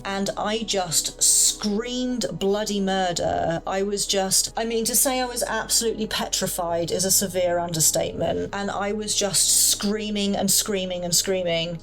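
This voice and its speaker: A young woman casually telling a personal story in a chatty, rambling way full of fillers. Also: mid-range voice. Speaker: paranormal storyteller.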